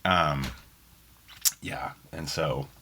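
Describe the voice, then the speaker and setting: A man's voice: extremely low pitch, fairly even intonation, drawn-out words, sharp tone. A man from Oklahoma with a faint Southern accent, an audiobook narrator answering interview questions in a rambling way full of ums. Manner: rambling, many ums and restarts. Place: small home booth in a spare bedroom.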